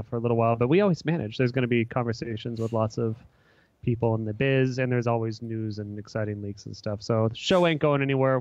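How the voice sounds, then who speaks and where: Male podcast host, relaxed and rambling, slangy; dull, dry recording. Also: mid-range voice, no room sound. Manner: laid-back, rambling, slangy. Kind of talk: casual podcast chat.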